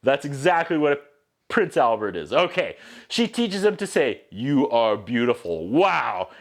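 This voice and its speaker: A man's voice: fairly high pitch, measured pace. A man recapping a movie as a reviewer, with a sarcastic, joking manner. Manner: sarcastic, animated, puts on voices for quotes.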